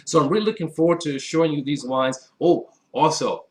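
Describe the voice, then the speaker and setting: Sitting at a table in front of a white backdrop indoors, this wine reviewer from Wisconsin speaks on the high side and fairly quickly. His vlog is a casual tasting, and he's chatty and upbeat as he addresses viewers directly.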